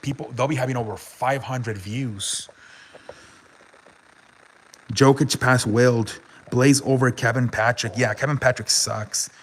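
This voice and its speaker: A man chatting loosely on a sports stream, reading viewer messages aloud and swearing freely. His voice sits at an ordinary middle pitch, with trailing restarts and filler between thoughts. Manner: rambling, swears often, reads chat aloud. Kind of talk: casual live-stream sports talk.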